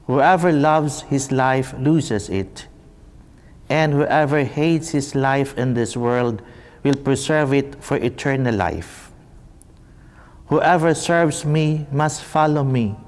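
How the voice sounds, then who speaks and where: A man preaching at a Mass with a slow, deliberate delivery and a middle-pitched voice. He reads scripture and gives his homily, lifting his voice for stories. He is recorded for a church broadcast. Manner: slow, measured preaching with dramatic rises in storytelling. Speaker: priest. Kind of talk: gospel reading and homily.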